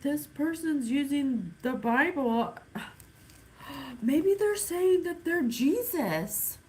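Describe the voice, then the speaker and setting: A woman doing a casual psychic reading in a slow, unhurried voice, sighing and thinking aloud as she goes. Her voice sits a bit on the high side. A faint hiss of noise runs under the recording. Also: expressive, darkish tone, poor audio. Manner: slow, halting, counts things off one by one. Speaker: psychic reader. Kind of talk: casual spirit reading to camera.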